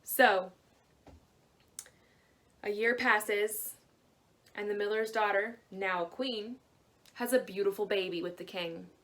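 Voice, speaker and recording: A woman librarian telling a fairy tale to children in a gentle, expressive way. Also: medium pitch, slow pace, long pauses. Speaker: librarian storyteller. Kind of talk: storytelling to children.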